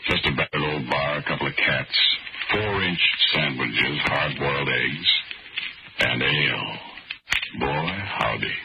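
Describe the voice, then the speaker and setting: A folksy, very deep-voiced storyteller. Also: male voice, unhurried, gravelly, heavy background noise, exaggerated voice. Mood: reminiscing. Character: easygoing New York working man telling his story. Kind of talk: 1940s radio acting, narration. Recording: dull old radio recording with music.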